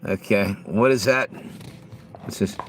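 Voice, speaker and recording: This middle-aged man streams live, chatting casually with viewers in a fairly low, unhurried voice. His talk is blunt, profane, and meandering, with faint background noise in the recording.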